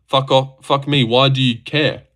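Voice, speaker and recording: A man's voice: medium pitch, fairly even intonation, a little slow, fairly bright tone. Young man chatting loosely on a livestream. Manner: loose and crude, swearing and stumbling over words. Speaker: livestream host reacting to fights. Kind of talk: casual livestream chat, reading and answering chat.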